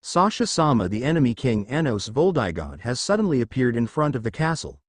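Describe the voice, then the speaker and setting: A man voicing flustered soldiers who report to their commander in a hurried, nervous way. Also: mid-range voice, sing-song, husky, no echo, studio quality.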